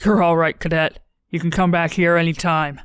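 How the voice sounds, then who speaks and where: A man's voice: fairly high pitch, little pitch movement, moderate pace, fairly bright tone, smooth, no echo, clean studio sound, lightly acted. A woman voicing a crude, leering male office clerk with a brash, jeering manner in an audiobook. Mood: mocking glee.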